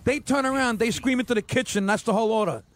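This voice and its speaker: High-voiced man telling crude stories. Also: quick pace. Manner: blunt, crude storytelling. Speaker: comedian, regular guest. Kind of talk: radio banter.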